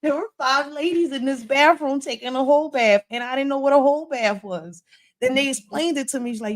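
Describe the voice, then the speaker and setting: A woman's voice: sits high, normal speed. A woman, casually telling a story with slang and swearing. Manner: animated, swearing, street slang. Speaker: host.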